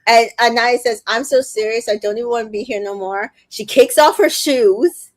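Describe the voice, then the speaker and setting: A woman with a higher-leaning voice hosts a casual recap podcast at a moderate pace. Full of fillers and free-flowing profanity, her retelling of scenes quotes the people in them. The recording is dry.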